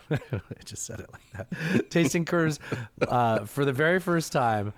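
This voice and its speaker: A man co-hosting a podcast, rambling between jokes and laughing often. His pitch swings widely as he talks. He sits on a dry, close studio mic. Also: animated, a little slow, dry recording. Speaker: podcast co-host. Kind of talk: casual chat.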